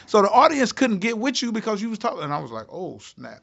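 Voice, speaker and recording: A man's voice: sits high, big pitch swings, fast, gravelly, hardly any pauses, fairly bright tone. A man, a comedian guest, telling a story in a podcast interview, acting out other people's lines with big jumps in his voice. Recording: slightly dull lo-fi audio.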